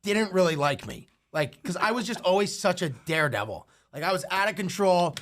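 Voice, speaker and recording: A man's voice: sits high, animated, a little fast, a bit bright. A young man telling stories in a casual podcast chat, rambling and swearing with lots of filler words. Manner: rambling, profane, heavy use of filler like. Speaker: entrepreneur guest.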